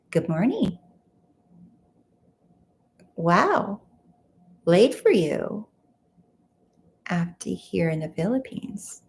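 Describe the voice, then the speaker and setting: A chatty woman hosts a casual livestream from home, reading viewer comments aloud and reacting to each one. Her voice sits a little low and carries a gravelly, creaky edge. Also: darkish tone. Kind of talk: casual live chat.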